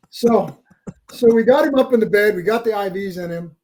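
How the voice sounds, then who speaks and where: Middle-aged male guest, lively storyteller, higher-than-usual male pitch. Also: normal speed. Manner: animated, repeats words as he builds a story. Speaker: podcast guest. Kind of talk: casual storytelling.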